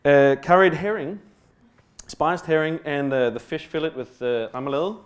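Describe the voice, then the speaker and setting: Speaking at a measured pace in a voice on the high side, this Australian man gives a stage talk built around a humorous story about himself. He rambles, restarts often, leans on fillers, swears casually and pokes fun at himself.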